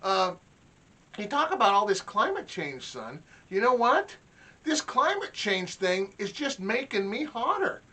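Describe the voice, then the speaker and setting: A middle-aged man telling a comic story in a mock-indignant, animated way. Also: sits high, measured pace. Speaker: comedy vlogger. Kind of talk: comic monologue.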